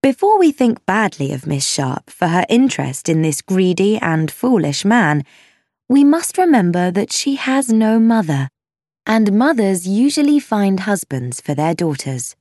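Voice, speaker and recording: A woman reading a storybook aloud as narrator, slow and measured with lively intonation. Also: mid-range voice, no room sound, studio quality.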